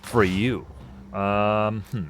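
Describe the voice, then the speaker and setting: Low-voiced man joking through a game. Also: steady tone, very slow, slight background noise. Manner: joking and self-mocking, thinks aloud. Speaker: gaming streamer playing through a game. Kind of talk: casual let's-play commentary.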